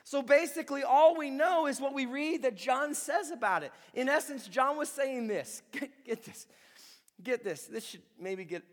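A man's voice: very high-pitched, normal speed. A man preaching a sermon as a pastor, speaking with impassioned emphasis. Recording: long reverb of a large hall.

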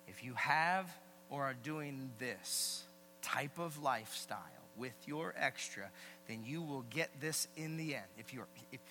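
Animated, bright-voiced male preacher. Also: mid-range voice. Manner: animated, emphatic preaching that swings between loud and hushed. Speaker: pastor. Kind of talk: sermon. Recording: long hall reverb with faint mains hum.

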